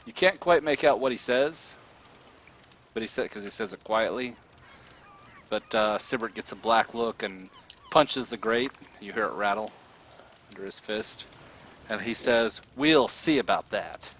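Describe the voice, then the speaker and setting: Low-voiced man narrating as game master. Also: measured pace, pauses often, a little hiss or hum. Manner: relaxed, descriptive storytelling.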